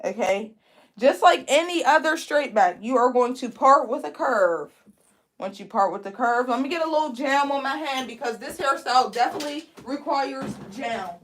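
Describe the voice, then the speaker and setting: A woman's voice: sits high, animated, moderate pace, slight background noise. A young woman from Pennsylvania with a Pennsylvania accent, chatting with viewers as she teaches braiding on a livestream. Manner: chatty, talks to viewers as "y'all". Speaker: braiding instructor hosting a livestream. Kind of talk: live tutorial with chat reading.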